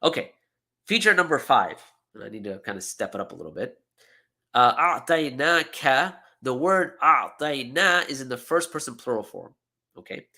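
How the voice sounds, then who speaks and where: A man's voice: medium pitch, lively intonation, a little fast, creaky, sharp tone. A man teaching a seminar, explaining with emphatic repetition and frequent "okay?" and "right?" checks. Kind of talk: lecture.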